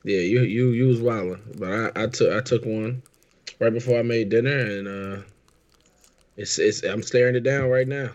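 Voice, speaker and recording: A man's voice: medium pitch, normal speed, highs cut off. Laid-back man chatting on a podcast. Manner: relaxed, joking, stammers. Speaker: podcast co-host. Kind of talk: casual podcast chat.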